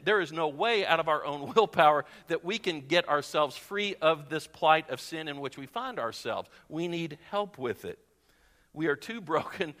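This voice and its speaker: A man preaching a sermon as pastor, in an animated, conversational way. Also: fairly high pitch, in a large hall.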